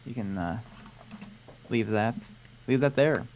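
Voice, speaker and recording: Male stream co-host, mid-pitched, joking and teasing, faint background hiss. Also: animated, slow, a little mellow. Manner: joking, teasing, reads viewer questions aloud. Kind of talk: casual chat.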